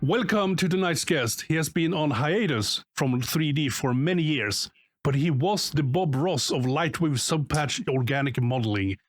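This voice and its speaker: A man's voice: fairly high pitch, expressive, normal speed. A man co-hosting a podcast and interviewing a guest in casual chat, hesitant with many filler sounds.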